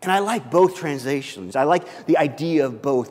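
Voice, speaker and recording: A pastor preaching a sermon, telling a personal story with many restarts and shifts from loud to hushed. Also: male voice, on the high side, expressive, normal speed, hardly any pauses, long reverb tail.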